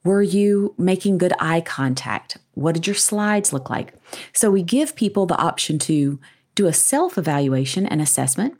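A woman's voice: on the low side, sing-song, moderate pace, a little mellow. A woman author and communication coach answering interview questions in an upbeat, explanatory way, often adding tag questions.

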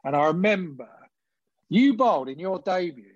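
A former cricketer appears as a podcast guest, casually telling laughing anecdotes about his playing days with quick asides. His voice sits high and is animated. The audio is dull with no room sound.

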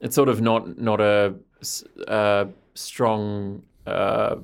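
A man co-hosting a podcast in casual chat, halting and hesitant as he recaps. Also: fairly low pitch, flat delivery, vocal fry, clear, resonant tone. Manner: hesitant, halting, many restarts. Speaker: podcast co-host.

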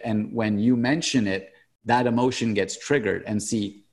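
An earnest man talks openly about emotions in a relaxed conversation. He keeps checking in with "right?" and "like" as he reflects aloud. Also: lowish voice, moderate pace.

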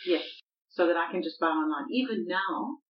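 A woman co-hosting a podcast in casual chat, self-deprecating and quick to laugh. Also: on the low side, muffled recording. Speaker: podcast co-host.

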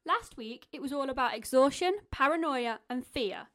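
A woman with a high, light voice co-hosts a podcast in relaxed conversation. She chimes in often, agreeing and backing up her partner. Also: moderate pace. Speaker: podcast co-host. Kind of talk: casual chat.

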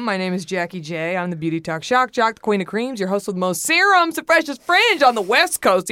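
A woman's voice: mid-range voice, fairly bright tone, clean tone, dry recording, studio quality. A woman in her thirties with a Southern American accent, hosting a casual beauty podcast in a bubbly, playful, self-mocking way. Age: 30s. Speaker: podcast host.

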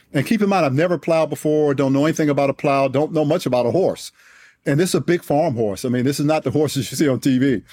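A man in his sixties, a retired general, telling a personal story in an animated, emphatic way. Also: fairly high pitch, no echo. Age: 60s. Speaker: guest, retired Air Force general. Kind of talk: storytelling in an interview.

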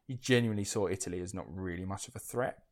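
A man with a low voice hosts a relaxed history podcast. His talk is blunt and peppered with swearing, and he often restarts his sentences mid-thought. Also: quick pace. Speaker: podcast host. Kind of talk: casual history podcast chat.

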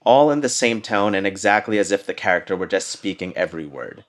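A man's voice: deep voice, brisk. A man co-hosting a casual film discussion, thoughtful and hesitant, with frequent fillers as he explains. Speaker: podcast co-host.

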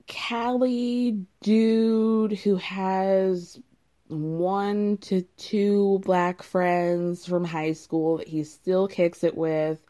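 A woman's voice: medium pitch, steady tone, drawn-out words, dark tone. A young adult woman recapping a reality show in casual, wry chat, laughing often.

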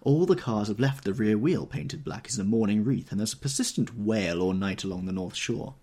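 A man narrating an audiobook in an expressive, measured storytelling manner. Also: fairly low pitch, slightly rough.

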